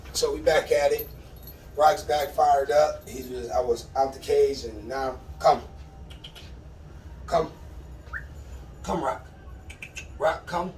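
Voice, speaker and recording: A man's voice: medium pitch, a little mellow. A man training his puppy on a casual instructional vlog, talking in a laid-back, conversational way and repeating commands to his dog. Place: at home with his dogs. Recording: roomy, distant mic with faint ambience.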